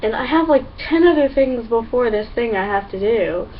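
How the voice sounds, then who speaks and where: A young woman talking to camera in a casual, excitable, chatty way, full of fillers and acted-out quotes. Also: a little high, moderate pace, recorded from a distance. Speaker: vlogger. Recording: dull lo-fi sound, a bit off-mic, faint hum.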